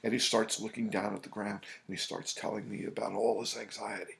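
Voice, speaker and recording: A man's voice: on the low side, level tone, brisk, vocal fry, fairly bright tone. A man, an anxiety coach, talking loosely to camera in a casual advice monologue, rambling with many fillers and restarts. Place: New York City.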